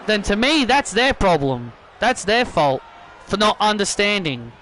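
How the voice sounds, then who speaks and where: A man hosting a gaming channel, calling a wrestling video game match as mock play-by-play, excitable, repeating himself and shouting at the big moves. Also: sits high, a little slow, slight background noise.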